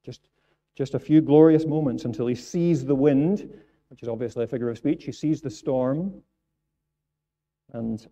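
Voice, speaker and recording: Scottish preacher with a dark, dull tone. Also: male voice, medium pitch. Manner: animated preaching, builds to raised emphatic passages. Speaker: pastor. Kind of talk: sermon. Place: church sanctuary. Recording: dull lo-fi sound.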